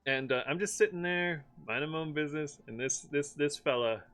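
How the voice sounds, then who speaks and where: A young man with a bright, forceful voice chats loosely on a stream and laughs between stories. He tells his stories with animated, playful impressions of the people in them. Faint music plays behind him. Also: on the high side, fairly quick. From Maryland, USA. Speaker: streamer host. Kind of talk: casual chat.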